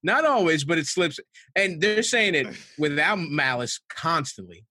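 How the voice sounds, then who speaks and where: A man's voice: fairly high pitch, big pitch swings, unhurried, bright, forceful tone, dry recording. A man from Baltimore telling crude, rambling stories on a podcast and laughing often. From Baltimore, USA. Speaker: podcast guest. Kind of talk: casual podcast chat.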